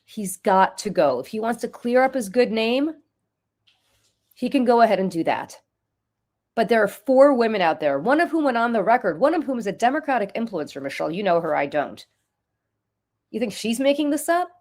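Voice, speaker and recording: A woman's voice: fairly high pitch, big pitch swings, fairly quick, darkish tone. A woman giving impassioned talk-show commentary, emphatic and emotional, repeating her key points for force. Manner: emotional, urgent. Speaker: political commentator and nonprofit leader.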